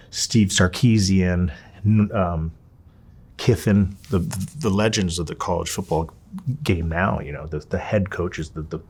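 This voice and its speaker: A man with a very low, husky voice tells a long story from his past in a sit-down interview. He swears freely and jumps into the voices of the people he quotes, his voice rising as he acts them out. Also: darkish tone. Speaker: interview subject.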